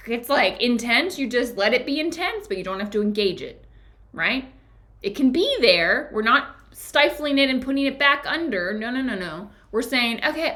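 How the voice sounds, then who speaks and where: A woman with a bright, clear, fairly high voice leads an online book club, talking to her viewers. She is lively and chatty, laughs easily, and keeps tossing in "like" and "right?" as she explains. Her delivery is warm in pace but animated. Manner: enthusiastic, chatty, laughs often, many "like" and "right?" asides. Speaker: book club leader and spiritual teacher. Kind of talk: live-streamed book discussion.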